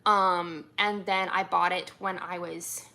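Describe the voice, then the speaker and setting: A woman's voice: lowish voice, level tone, takes it slowly, gravelly, sharp tone. A woman from America, a violinist, answering viewer questions in a casual livestream chat, full of ums and likes.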